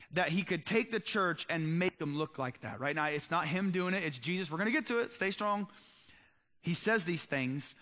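Casting note: male pastor, slightly high voice, earnest and conversational, slows to stress key lines. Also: fairly bright tone. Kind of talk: sermon.

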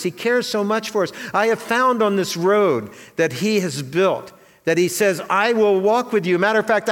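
A man's voice: high-pitched, fairly bright tone. A man preaching a sermon to his congregation, earnest and full of rhetorical questions. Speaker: pastor. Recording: long hall reverb.

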